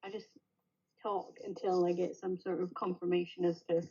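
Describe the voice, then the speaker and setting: Scottish woman with a husky, mellow voice. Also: lowish voice, level tone, normal speed, muffled recording. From Scotland. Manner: laughs easily, chatty. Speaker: livestream guest. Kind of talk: casual chat.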